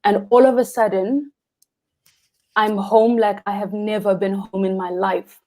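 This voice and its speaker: A woman's voice: mid-range voice, fairly even intonation, a little slow, dark tone. A South African woman, a guest freediving instructor, telling a story animatedly, acting out quotes and laughing often. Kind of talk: casual interview storytelling.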